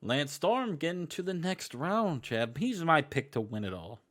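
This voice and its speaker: Lively, joking man co-hosting. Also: on the high side, measured pace. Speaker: co-host. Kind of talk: casual game chat.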